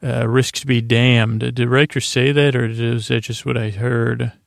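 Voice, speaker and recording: A man's voice: mid-range voice, flat delivery, measured pace, gravelly, no echo, clean studio sound. A man hosting a sleep podcast, retelling a story in a meandering, unsure way full of fillers and restarts. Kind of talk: rambling sleep-inducing retelling.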